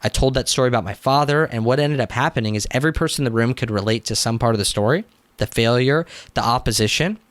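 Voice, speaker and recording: A young man, a business coach, telling his story in a casual interview, animated, acting out quotes and using "like" often. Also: mid-range voice, fast talker, no room sound. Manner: animated, acts out quotes, frequent "like" fillers.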